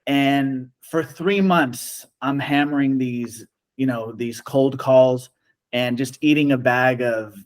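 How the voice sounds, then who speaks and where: A man telling a long story in casual chat, animated and acting out the quoted lines of the people in it. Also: mid-range voice, takes it slowly. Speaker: storyteller guest.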